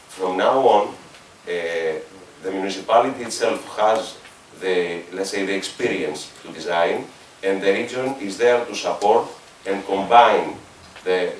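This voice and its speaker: A man from Greece with a Greek accent, giving a conference presentation as a regional official, halting with fillers and self-corrections. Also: low voice, roomy sound, distant mic, a little hiss or hum, low-quality recording. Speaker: regional managing authority official.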